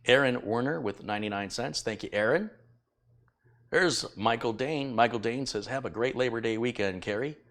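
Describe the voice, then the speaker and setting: A man's voice: medium pitch, moderate pace, a bit bright. A middle-aged man chatting casually on a live tech stream, rambling and self-deprecating as he thanks viewers. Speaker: tech YouTuber reading donations.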